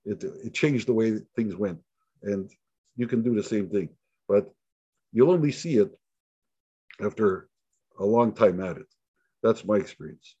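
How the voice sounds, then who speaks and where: A man's voice: lowish voice, unhurried, long pauses, breathy edge, no echo. A man who is a rabbi teaching an informal Torah lesson, telling stories and acting out the dialogue with many repeats. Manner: animated storyteller who acts out dialogue and repeats himself. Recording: dull lo-fi sound.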